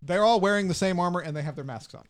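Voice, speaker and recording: A man narrating as game master in a tabletop game, relaxed and jokey, laughing often. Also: high-pitched, fast.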